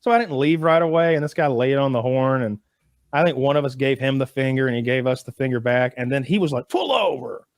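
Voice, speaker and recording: A man in his thirties on a podcast, telling a story in a casual, animated way and jumping up in pitch when he acts out voices. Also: quick pace, clean tone, dry recording, clean studio sound. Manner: animated storyteller who jumps high acting out voices.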